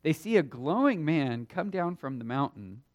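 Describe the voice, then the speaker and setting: A man teaching a Sunday school Bible lesson, earnest and emphatic, sometimes swelling loud and then dropping quiet. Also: fairly high pitch, very animated, normal speed, highs cut off. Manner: thinks aloud with small restarts.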